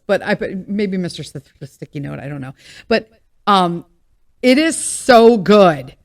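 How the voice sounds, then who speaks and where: A middle-aged woman hosting her own podcast, chatting candidly, laughing at herself and swearing freely, her voice still recovering with a cough. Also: fairly low pitch. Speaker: podcast host. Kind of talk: casual solo chat.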